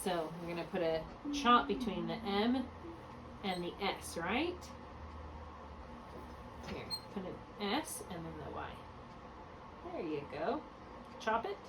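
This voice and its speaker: A woman tutoring one-on-one in a phonics lesson, patient and encouraging, slowly spelling out letters and sounds. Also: fairly low pitch, very animated. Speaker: reading tutor. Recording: distant mic with clear background hum.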